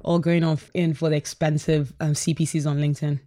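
A host works through a stack of posts, reading each one at a steady, measured pace. Between quotes come short reactive asides. The voice sits at a middle pitch. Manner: reacts to quotes with brief exclamations. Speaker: host recapping a social media chat.

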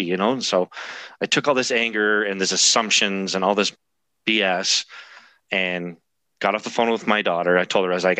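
A man's voice: sits low, steady tone, normal speed, bright, forceful tone, no echo. A man in his thirties, a podcast guest, telling a personal story in a candid, self-deprecating way with frequent laughs. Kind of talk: storytelling in conversation.

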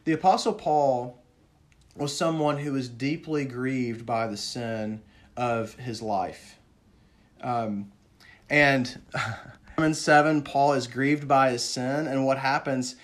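A man preaches with earnest conviction in a voice of ordinary pitch. He often asks his listeners questions. On words of sorrow he sinks into a hushed, lower tone. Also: steady tone, slow pace. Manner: earnest, drops to a hushed low voice on grief words. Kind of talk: sermon.

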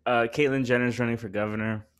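A fast-talking podcast host with a clear, resonant mid-range voice and steady tone relates a story in relaxed, rambling banter. He uses lots of slang and swearing, and his voice goes up when he gets heated.

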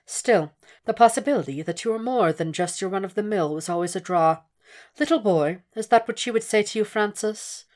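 A woman voicing a calm, cold, cultured male doctor who speaks in a soft, measured, quietly mocking way. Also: medium pitch, pitched above the performer's own voice, close to an everyday voice. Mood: taunting.

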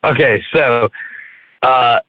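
In a slow, mid-range voice, a man from Maryland, USA, tells a story while chatting casually as a podcast co-host. He swears, rambles, uses lots of fillers, and restarts often, all on a dry, tinny, phone-like recording.

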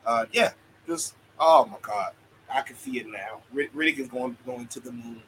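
A man's voice: medium pitch, normal speed, fairly bright tone, a little hiss or hum, poor audio. A man co-hosting a casual wrestling chat, joking around and stumbling over repeated words. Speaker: podcast co-host.

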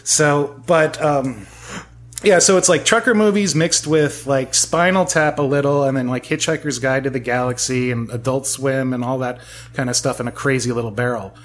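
A man's voice: medium pitch, moderate pace, a little hiss or hum. A man in his forties chatting as an interview guest, rambling and self-mocking, laughing often. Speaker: guest, audio drama maker. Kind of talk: casual interview chat.

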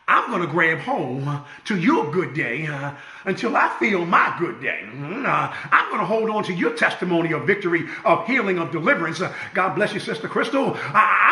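A man preaching a sermon in a rhythmic style, full of "uh" fillers and repeated refrains, rising to shouts and sinking to quiet prayer. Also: roomy sound. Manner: swings from shouted exhortation to quiet, low prayer.

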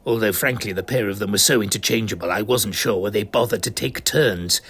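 A man with an English accent narrating a comic story as a pompous elderly gentleman adventurer who uses posh, old-fashioned slang. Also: lowish voice, a little fast, breathy edge. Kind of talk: comic first-person narration.

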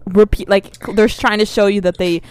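A woman's voice: mid-range voice, little pitch movement, moderate pace, clear, resonant tone. A young woman co-hosting a casual podcast, chiming in with short, dry comedic quips. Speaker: podcast co-host.

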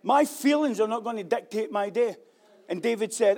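A preacher with a notably high voice delivers a sermon. He swings between loud, fervent declarations and quieter, reflective passages, and he repeats his key phrases for emphasis. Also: normal speed. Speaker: pastor.

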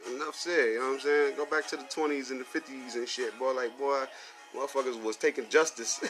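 Male podcast host, mid pitch, bright edge, riffs heatedly and profanely with steady fillers. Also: fairly quick, faint music behind. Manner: profane, heated, filler-heavy with frequent laughs. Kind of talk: casual solo podcast rant.

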